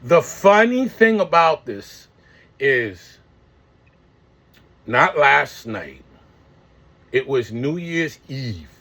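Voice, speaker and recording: A man's voice: mid-range voice, pushed and bright. A man in his forties talks to his viewers in a casual vlog, rambling, swearing and full of slang. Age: 40s. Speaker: vlogger. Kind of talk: casual monologue.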